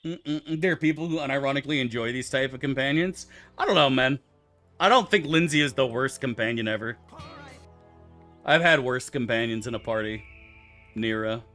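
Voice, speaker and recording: A man's voice: medium pitch, moderate pace, pushed and bright, faint music behind. A man streaming a game, answering his chat in loose, profane, rambling banter. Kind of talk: casual livestream chat, answering chat.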